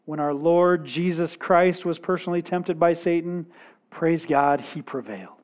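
A man preaching a sermon at a slow, deliberate pace. His voice sits a little high. He speaks earnestly and drops to a quiet weight on the key points. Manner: measured, earnest preaching with dramatic pauses and quiet emphasis. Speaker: pastor.

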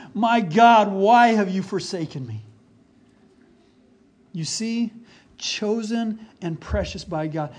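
A man delivers a sermon in an earnest, deliberate manner, taking his time. His voice sits a little high for a man. He leans on key phrases and repeats them for weight. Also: a little mellow. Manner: slow and deliberate. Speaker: pastor.

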